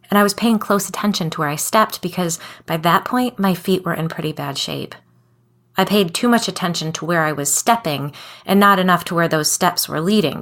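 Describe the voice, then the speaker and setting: A woman with a fairly low voice reads a spooky first-person tale as a podcast guest. Her delivery is calm and measured, steady from line to line. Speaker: guest storyteller. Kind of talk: scripted narration of a creepy story.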